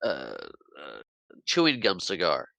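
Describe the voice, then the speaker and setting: Low, bright man chuckling along. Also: huge pitch swings, a little slow, creaky, no echo. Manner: chuckles a lot, chimes in with short agreements and jokes. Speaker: podcast co-host. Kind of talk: casual movie recap chat.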